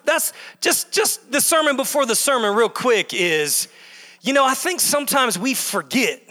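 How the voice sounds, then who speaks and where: A man's voice: high-pitched, pushed and bright, in a large hall. A male pastor preaching a sermon in a church, emphatic and repetitive, building his points in bursts. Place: church sanctuary.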